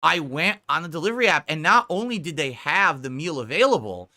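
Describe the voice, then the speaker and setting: A man's voice: on the high side, animated, fairly quick, bright, forceful tone. A man live-streaming a reaction, laughing and mocking his critics with plenty of profanity.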